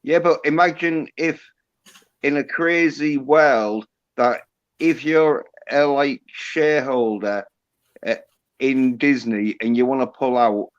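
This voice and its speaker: A man's voice: mid-range voice, steady tone, takes it slowly, muffled recording. An Englishman chatting casually on a live stream, rambling and swearing as he jokes. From England. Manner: rambling, profane, joking.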